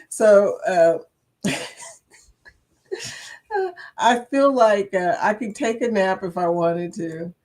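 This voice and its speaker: A woman's voice: mid-range voice, a little mellow. An older woman hosting a casual live-stream chat, chatty and laughing often as she reads viewers' comments aloud, with a slight cough and a dry throat.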